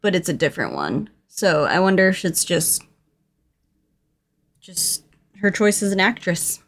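A young woman co-hosting a casual movie podcast, animated and chatty, with lots of fillers and restarts. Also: lowish voice, measured pace. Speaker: podcast co-host.

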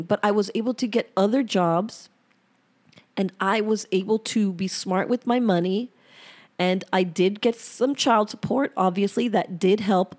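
A woman's voice: a little high, darkish tone. Earnest woman reading her own journal. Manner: earnest and emotional, often halting and repeating herself. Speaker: podcast host. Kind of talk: reading her own journal aloud, then personal reflection.

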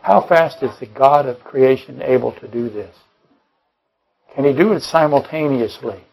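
A man's voice: mid-range voice, normal speed, gravelly, darkish tone, low-quality recording. A man preaching a Bible-study sermon, rambling and correcting himself mid-sentence, firing off rhetorical questions and dropping joking asides. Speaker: pastor.

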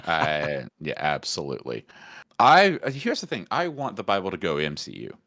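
Deep-voiced man, forceful bright tone. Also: wildly swooping pitch, normal speed. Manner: joking, riffing on silly bits. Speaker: podcast co-host. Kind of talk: casual comedic chat.

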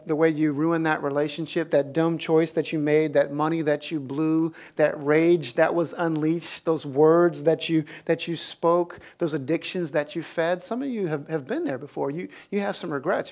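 An animated preacher delivering a sermon to a church congregation. The delivery jumps between excited storytelling with soaring pitch and laughter and quieter, earnest appeals to the listeners. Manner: laughs while telling stories. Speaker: pastor.

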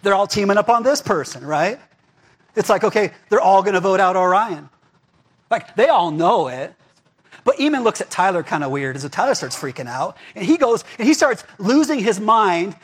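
His voice sits high and breathy, swinging widely in pitch at a normal speed. The male pastor's sermon is casual and talky, dotted with "right?" and "okay?" aimed at the crowd.

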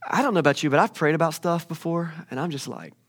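Young guy preaching, retells a bible story, gets loud and excited then drops real quiet, kinda high voice. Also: fast talker, breathy edge. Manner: animated, shifts from loud excited bursts to hushed reading. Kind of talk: sermon storytelling.

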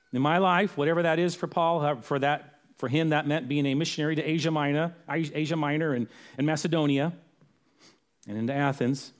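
A man preaching a sermon as a pastor, earnest, repeating phrases for emphasis. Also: on the high side.

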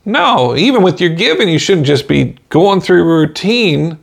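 A man's voice: high-pitched, sing-song, measured pace, creaky. A man preaching an informal podcast sermon in a folksy way, dropping in "amen" and "you know" and chuckling between points.

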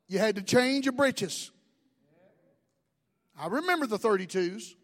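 A man's voice: high-pitched, lively intonation, measured pace, long reverb tail. A man preaching a sermon, conversational, joking with the congregation in asides. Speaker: pastor.

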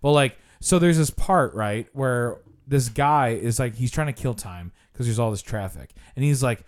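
Speaking at a moderate pace with a medium pitch and hardly any pauses, a man hosts a podcast and tells a story in casual chat. He's animated and swears a lot, leaning constantly on fillers like "like."

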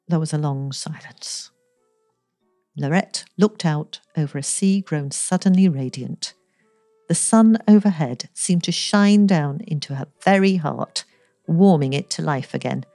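Woman reading a story, low mellow voice, measured, dry close mic. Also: no echo, faint music behind. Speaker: narrator. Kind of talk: storybook narration.

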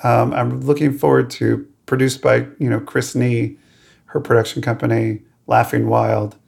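A man co-hosting a casual podcast, his voice heavily gravelly with a deep fry running under nearly every word. He talks in a playful way and is quick to poke fun at himself in little asides, at an ordinary middle pitch. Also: little pitch movement, a little mellow. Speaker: podcast co-host.

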